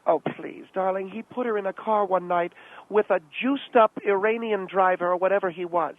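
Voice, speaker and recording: A man's voice: high voice, brisk, no echo, voice pushed up, natural voice. A man voicing a pompous, gossiping American society lady who gushes and calls people darling, heard over a phone line. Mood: gushing. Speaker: guest character on radio show.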